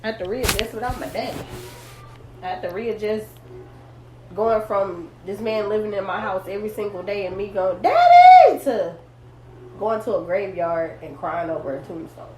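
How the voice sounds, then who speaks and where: A woman's voice: mid-range voice, steady tone, moderate pace, darkish tone, a little hiss or hum. A woman hosting a casual podcast who rambles and corrects herself, joking while holding back tears. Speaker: podcast host.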